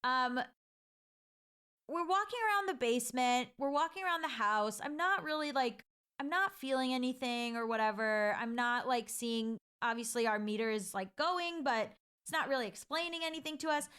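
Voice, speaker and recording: Woman rambling thru a ghost story, lots of likes, clear smooth voice. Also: high voice, normal speed, fairly bright tone. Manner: chatty, many filler likes and restarts. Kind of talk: casual spoken storytelling.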